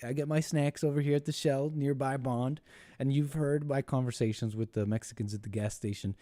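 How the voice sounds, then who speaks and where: A mellow, mid-range male voice with fairly even intonation comes through at studio quality, free of echo. He's an American running a live call-in show, rambling mockingly and imitating the voices of people he quotes, while his speech halts with frequent restarts and laughs.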